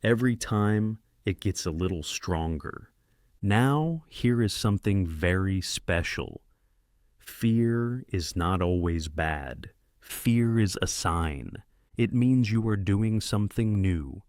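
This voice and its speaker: A man with a fairly low voice teaches beginner English at a very slow, careful pace. He speaks clearly and encouragingly, straight to the listener, and the recording is dry and close with no room sound. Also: expressive, darkish tone, dry recording. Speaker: podcast host and English teacher. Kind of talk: slow scripted lesson for beginner learners.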